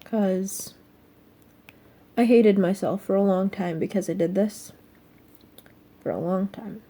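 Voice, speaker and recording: A teenage girl speaking in a personal confessional vlog, soft and halting, full of fillers, sounding upset. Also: mid-range voice, slightly rough. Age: teens. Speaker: vlogger.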